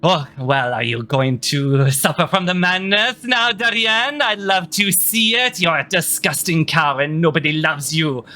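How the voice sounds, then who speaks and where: A man's voice: medium pitch, slow, bright, forceful tone. A man playing a cruel, taunting queen. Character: scornful female queen ruling minotaur captives.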